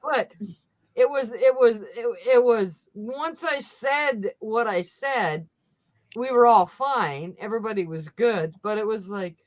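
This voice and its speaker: Brief: woman, unhurried and blunt, swears freely, laughs a lot, casual live chat. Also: on the high side, low-quality recording. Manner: blunt, profane, laughs often.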